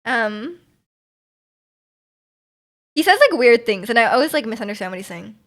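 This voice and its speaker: A woman's voice: fairly high pitch, very animated, moderate pace. A young woman streamer chatting casually with her viewers, giggling and rambling as she answers their chat messages. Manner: giggly, rambling, trails off into mumbles.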